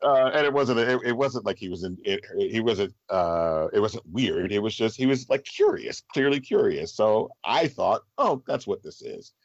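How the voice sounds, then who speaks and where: A middle-aged man, a stage performer and guest, telling stories in a relaxed interview, animated and often laughing. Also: on the low side, normal speed, hardly any pauses, no echo. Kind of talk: casual storytelling in an interview. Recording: slightly dull, dry podcast audio.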